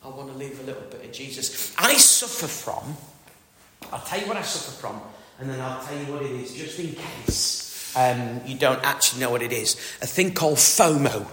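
This sermon comes from a middle-aged northern English man whose medium-pitched voice is bright and forceful, with lively intonation and a normal pace. Chatty and self-deprecating, he often questions the congregation in his northern accent, and the recording carries an echoey hall's long reverb.

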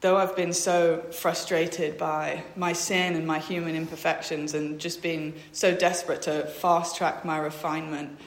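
A young woman with a deep voice shares a personal faith testimony in a flat, level tone. She sounds hesitant, pausing often with many ums, and reads Bible verses aloud between her own thoughts. The room echoes clearly.

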